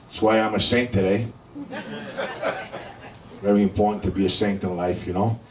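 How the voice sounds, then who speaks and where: A middle-aged Brooklyn man with a New York accent does a rambling stand-up set for a live club audience, saying "you know" constantly. His voice is on the low side with fairly even intonation and moderate pace. He is recorded from a distance in an echoey club with crowd noise.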